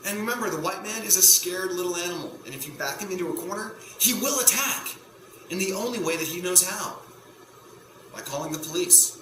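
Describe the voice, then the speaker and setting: A male stand-up comedian talks to camera in a bright, forceful voice, often cutting himself off and circling back to his point. The sound is roomy and echoey, and a faint hum runs under it. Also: high voice, lively intonation, brisk. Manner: rambling, self-interrupting, provocative. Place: home setup in front of a green screen.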